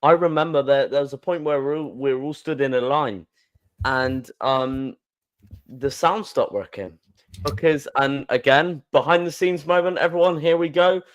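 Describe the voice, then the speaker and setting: A man co-hosting a podcast, telling a story in an excitable way, laughing and restarting often. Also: fairly high pitch, normal speed. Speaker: podcast co-host. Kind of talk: casual storytelling chat.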